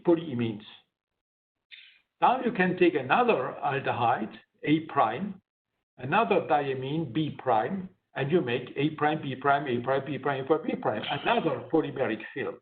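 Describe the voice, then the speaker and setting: A man giving an academic science lecture, explaining his slides step by step. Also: fairly high pitch. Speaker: guest lecturer. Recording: tinny phone-like online lecture audio.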